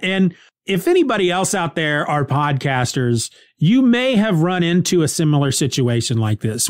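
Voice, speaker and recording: A man's voice: high voice, dry recording, studio quality. A man hosting a podcast, casually recapping a TV episode in a rambling way, restarting sentences and laughing lightly.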